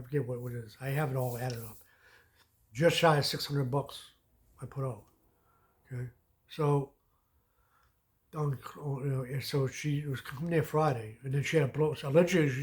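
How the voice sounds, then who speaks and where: A man's voice: medium pitch, fairly even intonation, fairly quick, pauses often, a little mellow. Profane rambling man telling a story. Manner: profane, rambling, repeats "you know what I mean". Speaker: vlogger. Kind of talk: casual storytelling rant.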